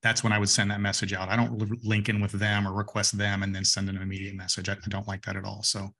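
Storytelling sales coach on a podcast. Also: male voice, fairly low pitch, completely flat delivery, pushed and bright. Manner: storytelling, with quick restarts. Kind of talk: casual interview chat.

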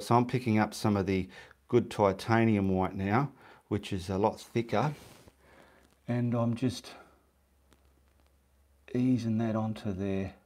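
A man talking casually through a live painting demonstration, chatting as he works and muttering to himself between steps. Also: lowish voice. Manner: chatty, casual, talks while working. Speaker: painting instructor. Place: home studio, indoors.

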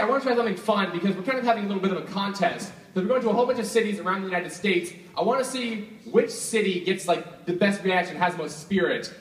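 A young man performing as a stage magician, talking casually and with energy to a live audience, hyping them up and chatting with helpers. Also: high-pitched. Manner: energetic, hyping the crowd, filler "like". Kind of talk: live stage show patter. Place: live show venue with audience. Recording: echoey hall, from a distance, crowd and noise.

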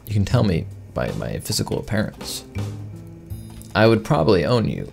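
A man's voice: lowish voice, huge pitch swings, moderate pace, vocal fry, soft background music. A man giving sarcastic gameplay commentary, reading the game's text aloud and bantering with the characters in mock offense. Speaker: gaming video host.

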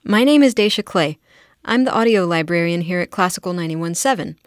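A woman's voice: on the low side, lively intonation, brisk, no echo. Upbeat woman host, dry close sound. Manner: upbeat, laughing easily. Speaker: podcast host. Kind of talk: scripted intro then interview chat.

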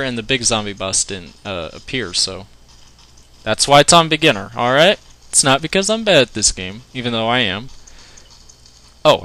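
Lively, goofy man narrating gameplay. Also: medium pitch. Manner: joking, goofy, yells when in a fight. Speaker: gaming commentator. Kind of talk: let's play commentary.

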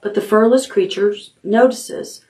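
A woman librarian reading a chapter book aloud at bedtime, unhurried and expressive. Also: medium pitch, far from the mic.

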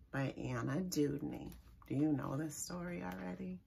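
A woman, a children's librarian, reads a picture book aloud to young children in an expressive, sing-song way and stops now and then to explain words. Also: low voice, moderate pace, gravelly, slight background noise. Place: library story time recorded for online viewing.

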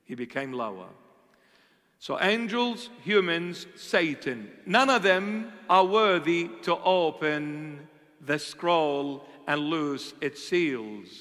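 Slow, high-voiced male preacher. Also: animated, a bit bright. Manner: asks and answers his own rhetorical questions; slow, deliberate emphasis. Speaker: bishop preaching. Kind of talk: sermon. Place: church. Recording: echoey church hall.

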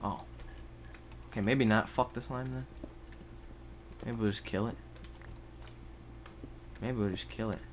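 A man giving rambling Let's Play commentary at his computer, jumping between loud outbursts and muttered whispers. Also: on the low side, fairly even intonation, measured pace, pauses often, a little hiss or hum. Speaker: gaming YouTuber. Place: at a computer, indoors.

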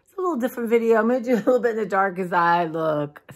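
A tired woman, talking heartfelt and rambling to her followers in a casual vlog, clearing her throat now and then. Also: mid-range voice, lively intonation, rapid-fire. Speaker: vlogger. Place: dim room at home.

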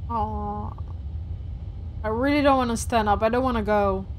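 A woman's voice: on the high side, quick pace, slight background noise. Emotional woman streamer talking to viewers. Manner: emotional, expressive, talks to viewers. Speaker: gaming streamer. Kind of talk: let's play commentary.

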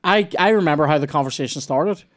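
A man's voice: fairly high pitch, quick pace, fairly bright tone. A man hosting a comedy podcast, telling rambling, sweary anecdotes full of restarts. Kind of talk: casual storytelling chat.

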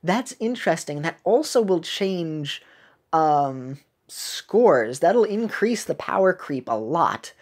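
Low-voiced woman chatting over game text. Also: big pitch swings, slow, a little mellow. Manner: chatty, makes puns and corrects herself; laughs at her own jokes. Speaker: game video creator. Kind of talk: casual commentary reading game text.

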